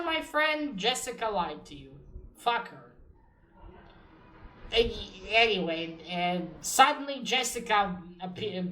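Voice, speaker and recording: A woman's voice: a little high, far from the mic. Exasperated woman ranting in a roomy space. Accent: Israeli. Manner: animated, exasperated ranting with swearing. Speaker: comic reviewer. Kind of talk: casual spoken review. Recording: roomy echo, off-mic.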